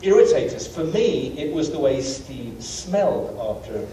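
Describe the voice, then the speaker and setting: British guy lecturing, mellow voice, self-deprecating storyteller, distant echoey hall with faint hiss. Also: on the high side, very animated, unhurried. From Britain. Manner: anecdotal, self-deprecating, many fillers. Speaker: guest lecturer. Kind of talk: humorous travel lecture.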